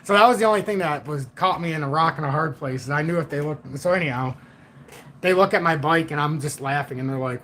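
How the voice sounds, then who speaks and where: A man on a casual livestream, telling a story in a blunt, profane and animated way. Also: fairly high pitch, fast talker, slight background noise. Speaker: livestream host.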